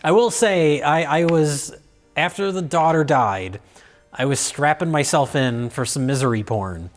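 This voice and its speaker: A man co-hosting a casual film review chat, animated, swearing and laughing often. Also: a little high, measured pace, faint music behind.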